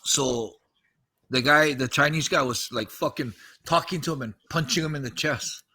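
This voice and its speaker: A man's voice: on the high side, moderate pace, pushed and bright, breathy edge. A man in his fifties on a podcast, casually recounting a story, acting out the quoted dialogue and swearing freely.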